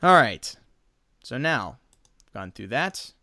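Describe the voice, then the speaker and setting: A man co-hosting a podcast in casual chat, animated and quick to laugh. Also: mid-range voice, no echo, clean studio sound. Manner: animated, retells scenes with laughter. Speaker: podcast co-host.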